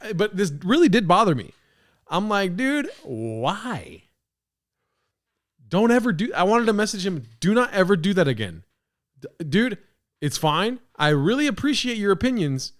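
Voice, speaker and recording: Animated, high-voiced young man ranting. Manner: animated, profane, ranting with mock outrage. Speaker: podcast host. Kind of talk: casual reaction commentary.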